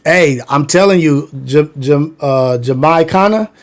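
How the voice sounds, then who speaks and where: A man from Long Beach spins stories from his teenage years in a loose, rambling way, with lots of "like" and slang. His voice sits a bit high for a man. He talks casually to a livestream chat. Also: unhurried. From Long Beach, California. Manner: loose slangy storytelling, many fillers. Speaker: livestream host.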